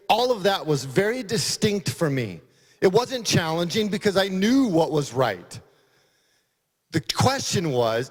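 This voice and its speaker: Casting: male sheriff, middle-aged, folksy and emphatic, slightly high-pitched, speaking in a hall with long reverb. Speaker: county sheriff. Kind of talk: conference speech. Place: conference hall.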